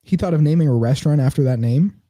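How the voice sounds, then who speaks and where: A laid-back man with a very dark, mellow voice, talking offhand and swearing casually. The sound is dry with no room echo. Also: on the high side, fast talker. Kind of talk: casual chat.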